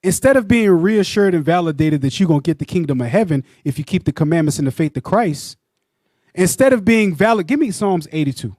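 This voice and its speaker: High-pitched guy teaching a bible class, animated, keeps repeating himself, dry close mic. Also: fairly quick, dry recording. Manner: animated, repetitive, often asks "you know what I'm saying". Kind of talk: religious teaching discussion.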